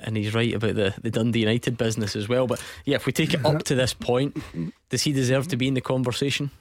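Brisk male radio host. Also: mid-range voice, level tone, no room sound, studio quality. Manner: brisk, upbeat, steering the talk. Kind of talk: radio phone-in hosting.

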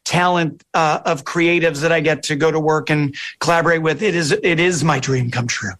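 A middle-aged man, a film director, answering interview questions in a relaxed, chatty, self-deprecating way. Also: fairly high pitch, moderate pace.

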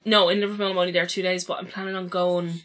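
A woman's voice: fairly low pitch, level tone, fast, fairly bright tone. A woman, co-hosting a casual chat, talking easily and laughing often. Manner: chatty, laughing, easygoing.

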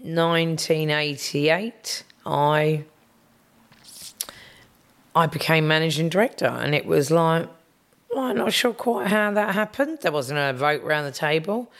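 A woman's voice: sits low, takes it slowly. A woman, chatting as an interview guest and telling stories with frequent ums and restarts. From London, England. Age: 50s. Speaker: guest, business executive. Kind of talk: casual interview chat.

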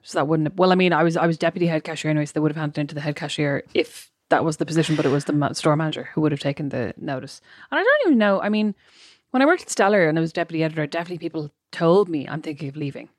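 A woman in her thirties talks fast in a slightly low voice. She co-hosts the podcast with wry, self-deprecating remarks, and the recording is dry and close. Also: expressive, no echo. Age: 30s. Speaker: podcast co-host. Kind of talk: casual chat.

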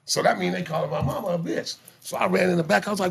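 A man telling street stories in casual chat, with profane slang, animated delivery and stammering restarts. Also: high voice, rapid-fire, vocal fry, few pauses, husky. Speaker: guest telling life stories.

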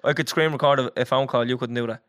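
A young Irish man, co-hosting a podcast with quick, teasing banter. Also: mid-range voice, steady tone, fairly bright tone, dry recording. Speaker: podcast co-host. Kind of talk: casual chat.

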